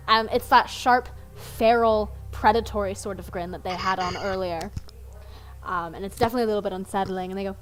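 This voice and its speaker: A woman's voice: medium pitch, fairly even intonation, fairly quick. A woman narrating as game master in a casual, chatty way with plenty of ums.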